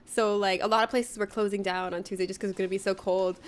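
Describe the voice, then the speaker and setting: A woman's voice: mid-range voice, level tone, fast, smooth. A young woman streamer chatting casually with her viewers, bubbly and laughing often as she greets them by name. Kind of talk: casual livestream chat with viewers.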